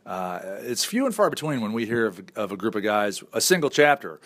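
A man's voice: fairly low pitch, very animated, a little fast, a bit bright, dry recording. Chatty male host with a Northern US accent. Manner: chatty, upbeat, many fillers. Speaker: show host. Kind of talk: casual interview.

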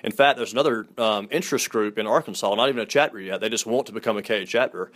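A man's voice: lowish voice, quick pace, fairly bright tone. A man in his twenties from Mississippi with a Southern accent, an easygoing, friendly interview guest. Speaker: fraternity headquarters staff.

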